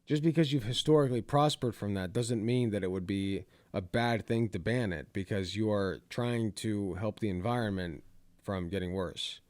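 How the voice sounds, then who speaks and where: A man's voice: lowish voice, moderate pace, dry recording. Guy ranting through a reaction video, sarcastic, cursing a lot, dry close sound. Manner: exasperated, sarcastic, swears often. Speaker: commentary host. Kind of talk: reaction commentary.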